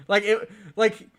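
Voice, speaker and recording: A male host chats in an easy, unhurried way, chuckling often and filling pauses with "uh". His voice sits a bit higher than most men's. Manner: relaxed, chuckling, lots of fillers. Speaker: show host. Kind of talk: casual chat on a stream.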